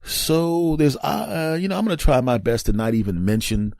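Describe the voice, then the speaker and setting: A man's voice: medium pitch, very animated, normal speed, creaky, a little mellow, no echo, clean studio sound. A middle-aged man hosting a solo comedy podcast, rambling and self-mocking, with an exasperated edge. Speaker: podcast host.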